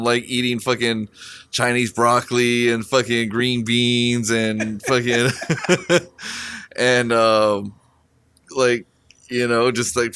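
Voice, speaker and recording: A man's voice: mid-range voice, a bit bright, clean tone, no echo. A man telling a crude, funny anecdote in casual chat with friends, swearing often and laughing as he goes. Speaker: storyteller among friends.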